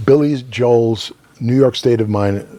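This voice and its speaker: Older male radio veteran, guest storyteller, animated, middle-pitched, keeps checking in with the listener. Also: measured pace, dry recording. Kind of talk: casual storytelling interview.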